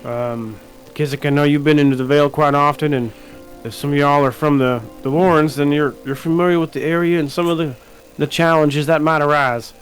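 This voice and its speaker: A man's voice: a little high, fairly even intonation, brisk, soft background music, lightly acted, poor audio. A man as game master voicing an earnest, hesitant small-town constable in a tabletop role-play. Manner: hesitant, many restarts and fillers.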